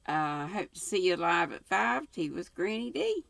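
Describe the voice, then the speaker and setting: A Southern US woman in her sixties reading a novel aloud in a folksy, unhurried way as the channel host. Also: on the low side, big pitch swings, gravelly, fairly bright tone, slight background noise. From North Carolina. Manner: folksy, unhurried, with colloquial sign-offs. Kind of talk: homespun read-aloud of a novel.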